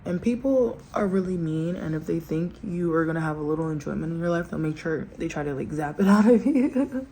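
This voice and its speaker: A woman's voice: deep voice, brisk, a little hiss or hum, poor audio. A woman vlogging at home with her camera propped up, ranting casually and talking straight to her viewers with slang and laughs. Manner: lively, laughs while ranting. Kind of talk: casual chatty vlog storytime. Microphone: camera propped in front.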